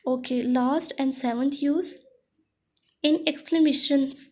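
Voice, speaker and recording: A woman teacher giving a grammar lesson, explaining slowly, repeating herself and reading example sentences. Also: high voice, darkish tone.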